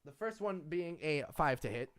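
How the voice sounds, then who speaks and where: A man's voice: on the high side, lively intonation, moderate pace, fairly bright tone, a little hiss or hum. A man narrating a tabletop game as game master, chatty with frequent laughs and fillers.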